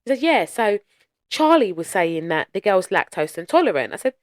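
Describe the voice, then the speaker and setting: A woman co-hosting a podcast in casual chat, a lively storyteller who swears freely and laughs often. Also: medium pitch, moderate pace, no room sound, studio quality. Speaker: podcast co-host.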